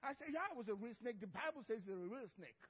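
A man's voice: very high-pitched, lively intonation, quick pace, husky, long reverb tail, dull audio. A man preaching a sermon as pastor, telling a story with frequent laughter and acted-out dialogue.

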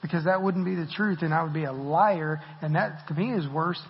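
Guy preaching a sermon, kinda husky, highish voice, long echo, muffled sound. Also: a little fast. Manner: conversational and self-deprecating, laughs often. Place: church sanctuary. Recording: muffled audio with long hall reverb.

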